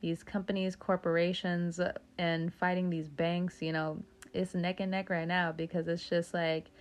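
Low-voiced woman doing a joking tarot reading. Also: little pitch movement, unhurried. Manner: joking, profane, talks off on tangents. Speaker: tarot reader.

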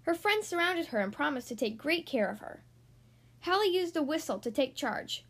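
A woman hosting a podcast, reading a picture book aloud to young kids in a gentle, friendly way. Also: sits high, sing-song, moderate pace. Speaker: children's book reader, podcast host.

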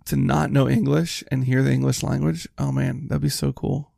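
A man's voice: medium pitch, flat delivery, normal speed, creaky, dark tone, no echo, clean studio sound. A man in a casual chat about a movie, wryly questioning small details. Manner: questioning, wry, picks at details. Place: indoor room near a heater.

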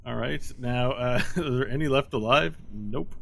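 A young man narrating as game master of a tabletop role-playing game, animated and laughing often. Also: medium pitch, measured pace, creaky, a little hiss or hum.

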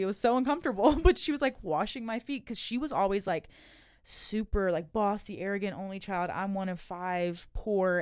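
A woman's voice: medium pitch, clean tone, dry recording, studio quality. A young adult woman, a podcast guest, telling personal stories candidly with lots of "like" and laughter. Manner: candid storytelling with frequent "like" and laughs. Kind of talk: casual podcast chat.

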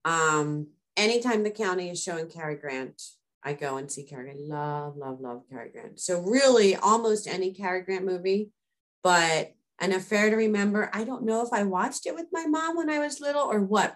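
A woman in casual conversation, telling personal stories in a chatty, animated way. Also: mid-range voice, moderate pace. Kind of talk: casual chat.

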